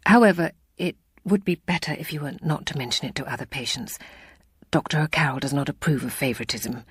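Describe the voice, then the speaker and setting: A woman's voice: sits low, a little fast, husky, no echo, studio quality. Woman voicing a shy earnest young doctor.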